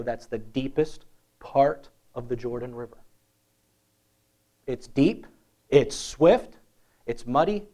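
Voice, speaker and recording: A man preaching a sermon in a lively, conversational way, often asking the congregation questions. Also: a little high. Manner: animated, conversational, asks the crowd questions.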